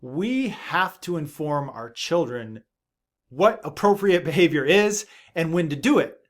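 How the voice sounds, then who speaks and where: A man hosting a parenting video, father of seven, giving earnest, emphatic advice straight to the camera and dropping his voice low for asides. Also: animated, unhurried. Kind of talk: direct-to-camera advice talk.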